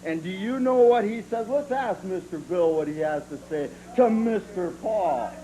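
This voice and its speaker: A man's voice: sits high, animated, normal speed, mellow, low-quality recording. A man wrestler cutting a boastful, mocking TV promo, laughing at his own jokes.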